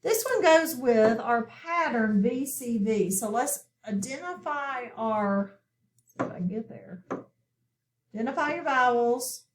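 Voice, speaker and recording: A woman teaching a phonics lesson to children, speaking slowly and clearly with patient classroom instruction. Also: fairly high pitch, lively intonation, a little hiss or hum. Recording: echoey room, voice from far off.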